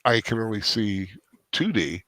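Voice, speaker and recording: A man hosting a casual post-movie chat, rambling and halting with lots of restarts and fillers. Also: on the low side, very animated, pushed and bright, dry recording. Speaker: host.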